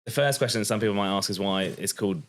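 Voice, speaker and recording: A man from England co-hosts a podcast, speaking quickly in a lowish voice. It's a casual chat, and he's chatty, telling stories and laughing easily.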